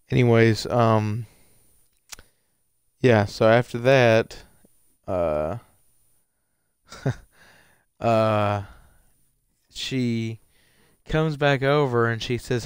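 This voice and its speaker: A man's voice: on the low side, clean tone, no room sound, studio quality. A man telling a story casually to his viewers, rambling with many fillers and restarts. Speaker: streamer answering viewer questions.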